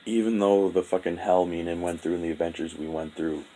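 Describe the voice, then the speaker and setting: A young man telling a painful personal story in a halting, profane, heavy-hearted monologue. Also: deep voice, flat delivery, dark tone, low-quality recording. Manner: halting, profane, full of restarts and fillers. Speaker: vlogger.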